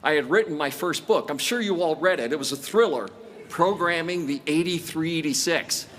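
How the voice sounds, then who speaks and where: A man's voice: fairly high pitch, moderate pace, fairly bright tone, a little hiss or hum. Older man giving a commencement address. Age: 60s. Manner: storytelling with self-deprecating jokes. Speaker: commencement speaker. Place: large outdoor graduation ceremony.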